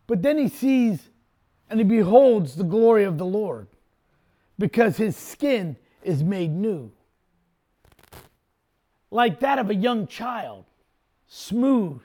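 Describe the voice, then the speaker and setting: Very high-voiced older male pastor. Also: very animated, slow pace, pauses often. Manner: emphatic, storytelling, bursts into shouts. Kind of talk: sermon.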